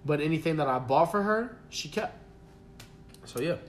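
A man's voice: on the high side, normal speed, slight background noise. A man on a casual podcast, telling a story with lots of laughter and acted-out quotes. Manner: animated, laughs often, acts out quotes. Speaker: podcast guest.

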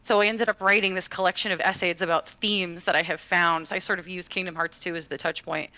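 Bright, chatty woman podcast host. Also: on the low side, steady tone, quick pace, dry recording, lo-fi sound. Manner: chatty, many fillers and restarts. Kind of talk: casual chat, storytelling.

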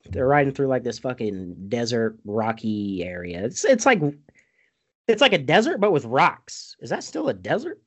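A man retells a movie in a loose, rambling way, full of swearing and chuckles. His pitch rises and falls a lot as he gets carried away with the story. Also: big pitch swings, normal speed. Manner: rambling, profane, laughs often. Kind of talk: casual movie recap.

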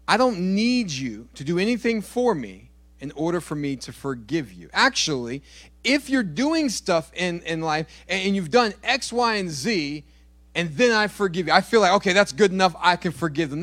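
A man delivering a sermon in church, his voice sitting on the higher side. He jokes with the congregation between points and circles back to repeat the lines he wants to stick. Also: a bit bright, no room sound. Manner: playful, joking with the congregation; repeats key phrases for emphasis. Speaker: pastor.

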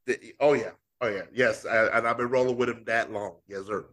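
Bright-voiced joking man in banter. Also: medium pitch, steady tone, a little fast. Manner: playful, teasing, joking banter. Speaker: podcast co-host. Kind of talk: casual sports chat.

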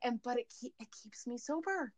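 A woman's voice: on the high side, animated, moderate pace, no room sound. A woman calling in as a guest, telling her personal story in a candid, emotional and rambling way over the phone. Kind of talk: candid recovery story chat. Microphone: phone call.

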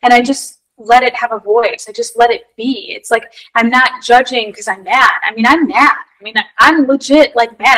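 A woman co-hosting a casual spiritual talk show, animated and playful, saying "like" often. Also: on the high side, moderate pace, hardly any pauses, rough recording. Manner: animated, playful, says "like" a lot. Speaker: podcast co-host.

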